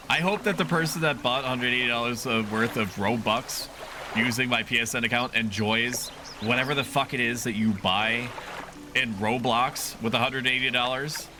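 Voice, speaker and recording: A man's voice: mid-range voice, noisy background. A man streaming a game, chatting casually with viewers in a rambling way and swearing freely. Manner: rambling and profane, talks to chat. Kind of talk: casual gameplay commentary. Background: game music.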